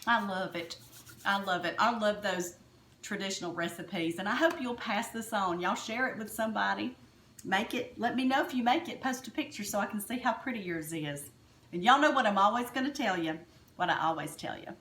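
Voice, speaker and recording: Southern woman, home cooking host, folksy and gushing, mid-pitched voice in a roomy kitchen with a faint hiss. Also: fairly quick, fairly bright tone. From Alabama, US South. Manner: folksy, enthusiastic, keeps addressing viewers as y'all. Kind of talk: chatty cooking demonstration.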